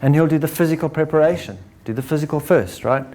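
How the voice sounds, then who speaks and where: A man giving a lecture to an audience, animated, acting out examples and ending points with "right?". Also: a little high, fast talker, noisy background. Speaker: speaker.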